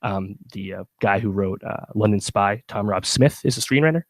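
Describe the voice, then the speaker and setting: Low-voiced man rambling through a review. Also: normal speed, no echo. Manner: rambling, many fillers and restarts. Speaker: podcast co-host. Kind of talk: casual review chat.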